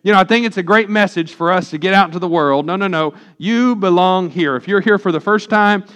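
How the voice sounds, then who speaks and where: A man preaching a sermon as pastor, reading scripture slowly and putting questions to the congregation. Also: high voice, a bit bright.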